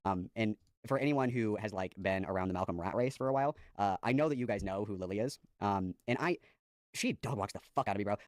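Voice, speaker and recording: A man's voice: fairly low pitch, no room sound, clean studio sound. A man in a heated online debate, sarcastic and profane. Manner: sarcastic, profane, fast-talking. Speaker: streamer in a played debate clip.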